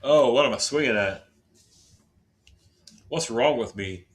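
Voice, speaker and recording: A talkative, self-deprecating man from southern Indiana offers casual live-stream commentary to viewers as he plays a baseball video game. His voice is mid-range and a little slow.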